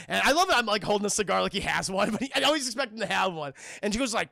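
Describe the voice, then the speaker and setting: A man's voice: sits high, rapid-fire, creaky, few pauses, dry recording. A man casually recapping a film for his live chat, swearing a lot and acting out the characters in voices. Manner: profane, excitable, acts out scenes in voices. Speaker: film reviewer streaming to chat.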